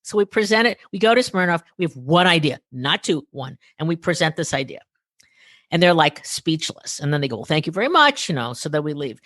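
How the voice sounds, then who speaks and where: A woman guest telling stories in an interview, acting out quoted dialogue, her voice a little worn and hoarse. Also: sits low, fairly quick, dry recording, studio quality. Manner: animated, acts out quoted dialogue. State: losing her voice. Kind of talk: storytelling interview conversation.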